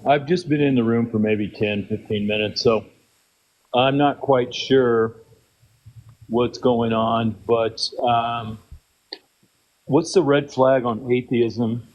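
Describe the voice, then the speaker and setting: A man calling into a stream who asks questions slowly and hesitantly. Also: medium pitch, fairly even intonation. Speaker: caller. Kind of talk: casual chat. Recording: dull lo-fi audio.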